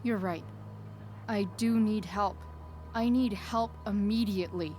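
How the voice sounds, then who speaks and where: A woman's voice: medium pitch, measured pace, a little mellow, faint music behind, lightly acted. A woman playing a sarcastic rebellious teenage girl. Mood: guarded. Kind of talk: video game voice acting.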